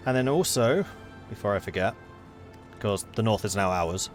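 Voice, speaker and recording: A man's voice: lowish voice, lively intonation, moderate pace, faint music behind. South London man playing a strategy game. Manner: playful, theatrical game narration. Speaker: gaming channel host. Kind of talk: strategy game let's play with dramatic narration.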